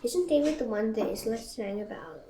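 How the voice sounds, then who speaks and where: Angry, insistent commanders, read plainly by a woman; fairly high voice, roomy. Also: lively intonation, brisk, warm tone, natural voice. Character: angry male army commanders. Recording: echoey room, faint noise.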